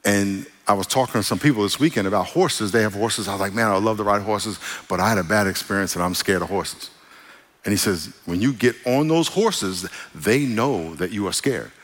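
A man preaching a sermon, reading scripture and then telling personal stories in a conversational, animated way. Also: lowish voice, brisk, in a large hall. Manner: conversational, animated storytelling with asides.

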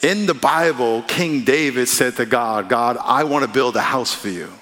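A man's voice: mid-range voice, moderate pace, a bit bright. A pastor delivering a conversational sermon, joking and leading call-and-response with his congregation. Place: church sanctuary. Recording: long hall reverb.

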